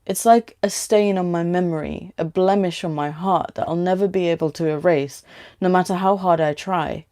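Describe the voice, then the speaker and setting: A woman voicing a frightened, bitter young woman in a story reading, quiet and halting. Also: fairly low pitch, fairly even intonation, natural voice. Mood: despairing.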